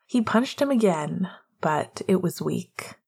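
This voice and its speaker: A woman reading romance narration in a hushed, half-whispered voice. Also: on the low side, expressive, takes it slowly, gravelly, slightly rough. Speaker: audiobook narrator.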